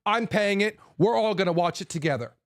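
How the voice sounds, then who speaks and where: A man's voice: high-pitched, animated, a little fast. A man ranting heatedly and bluntly, swearing and repeating himself as he works himself up. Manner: blunt, profane, repeats phrases, stumbles and restarts; fired up, forceful. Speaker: host.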